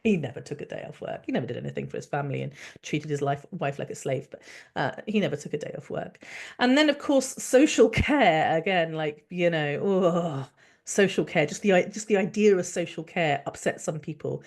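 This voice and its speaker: A woman hosts her own podcast in an outraged solo rant. Her voice sits fairly low, but her pitch leaps all over the place as she swears and piles on the sarcasm. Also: animated, fairly quick, creaky. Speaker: podcast host.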